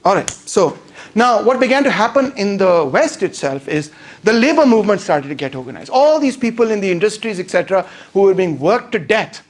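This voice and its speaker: A man's voice: sits high, lively intonation, a little fast. A man giving a casual, sarcastic lecture, switching between English and Hindi-Urdu. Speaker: lecturer on a book.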